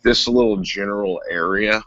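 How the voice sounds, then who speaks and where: A man's voice: fairly low pitch, moderate pace, sharp tone, dry recording. A man telling rambling bar stories in casual chat, swearing constantly and laughing as he goes. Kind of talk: casual chat, profane storytelling. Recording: dull lo-fi sound.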